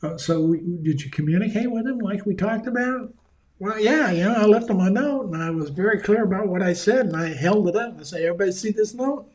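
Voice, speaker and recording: A man leads a leadership seminar in a relaxed, folksy way, breaking into the voices of bosses and employees as he goes. His voice sits a little high for a man. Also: fairly quick. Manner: folksy, acts out quoted voices, chuckles. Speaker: leadership speaker. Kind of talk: conversational seminar talk.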